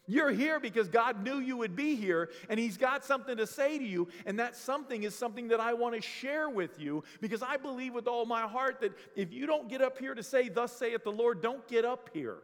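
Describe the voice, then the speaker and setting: Male senior pastor from Maine, high voice, animated and humorous sermon delivery, church with long reverb. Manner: conversational, animated storytelling with humor. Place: church sanctuary.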